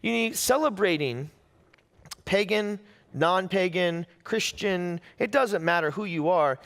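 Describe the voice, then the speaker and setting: A man's voice: high-pitched, slow, a bit bright, big-room sound. A young adult man, a pastor, giving a sermon and telling a personal story animatedly, acting out quotes.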